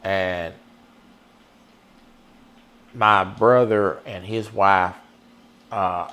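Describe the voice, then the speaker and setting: Folksy low-voiced man streaming. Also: fairly even intonation, drawn-out words, fairly bright tone. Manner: folksy, chatty, talks to the chat. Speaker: streamer playing a baseball video game. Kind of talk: casual live-stream commentary.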